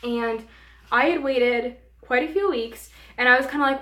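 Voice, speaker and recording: A young woman vlogger tells a storytime in an animated way, with plenty of fillers. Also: high voice, moderate pace. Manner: animated, filler-heavy retelling. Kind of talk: storytime vlog. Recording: roomy room echo.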